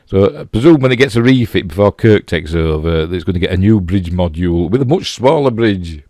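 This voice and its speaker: Yorkshire man, very low voice, dry close sound, chatty rambling reviewer. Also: lively intonation, fairly quick, warm tone, dry recording. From Yorkshire, England. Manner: rambling, lots of "you know" and restarts. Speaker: TV episode reviewer. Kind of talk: casual spoken review.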